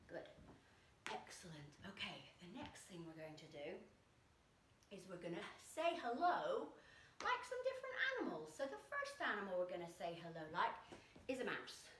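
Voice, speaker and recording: Lively woman leading kids' yoga. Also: fairly low pitch, moderate pace, slight background noise. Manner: encouraging, sing-song instructions with animal sounds. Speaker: children's yoga teacher. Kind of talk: guided children's yoga class. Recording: echoey room, voice from a distance.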